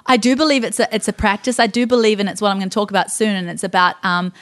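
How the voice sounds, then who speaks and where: A woman co-hosting a podcast, telling stories with animated, emphatic delivery in a casual faith talk. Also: mid-range voice, very fast. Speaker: podcast co-host.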